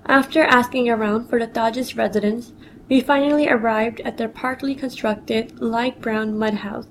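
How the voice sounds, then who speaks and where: A woman's voice: on the high side, steady tone, moderate pace, a little hiss or hum, low-quality recording. A woman reading a personal memoir story aloud, telling it plainly and quoting others in her own voice.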